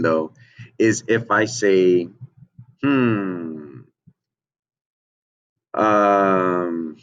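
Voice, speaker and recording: A man from the United States teaching a children's lesson, often asking "okay?" and "right?" between ums. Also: sits low. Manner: checks in with frequent "okay?" and "right?", many ums. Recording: dull lo-fi audio.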